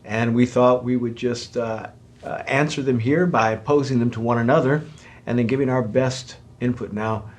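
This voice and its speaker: A middle-aged man, a pastor, talking in an animated way in a conversational Q&A about marriage and joking about his own loudness. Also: mid-range voice, moderate pace.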